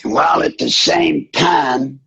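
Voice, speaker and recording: Gravelly older man hosting fiery talk radio. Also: on the high side, slow pace. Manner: fiery, preachy, rising to shouts. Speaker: radio talk show host. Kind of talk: impassioned call-in radio talk. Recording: dull lo-fi broadcast audio.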